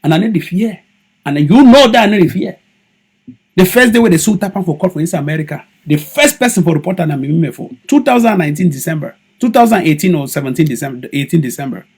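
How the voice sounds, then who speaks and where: Heated Cameroonian man with a husky voice. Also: fairly high pitch, animated, quick pace, darkish tone. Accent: Cameroonian English with Pidgin. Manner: heated, emphatic, accusatory, repeats for stress. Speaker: political activist. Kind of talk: impassioned video monologue.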